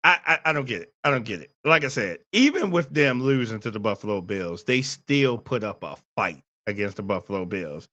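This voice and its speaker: A man co-hosting a sports podcast in casual chat, animated and quick to laugh, acting out scenes as he talks. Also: on the low side, lo-fi sound. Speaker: podcast co-host.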